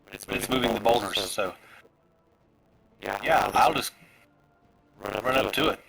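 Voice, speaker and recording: A man's voice: lowish voice, slow, vocal fry, loud music behind the voice, poor audio. A man playing in a tabletop game, talking hesitantly as he thinks aloud. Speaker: player.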